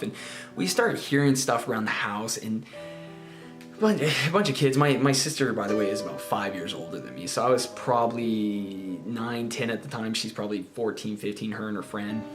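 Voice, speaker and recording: Rambling man telling a spooky tale. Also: mid-range voice. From Spokane, US. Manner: rambling, repeats words, keeps asking "right?". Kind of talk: casual spoken storytelling. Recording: roomy, faint guitar music.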